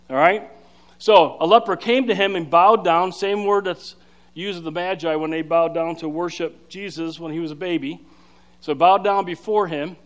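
High-voiced man preaching a sermon. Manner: energetic, emphatic, explanatory with frequent fillers. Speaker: pastor.

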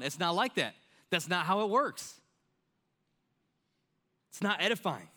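A man's voice: high voice, animated, a little slow, long pauses, pushed and bright. A man preaching a casual sermon, telling a childhood story and acting out quoted voices with animation.

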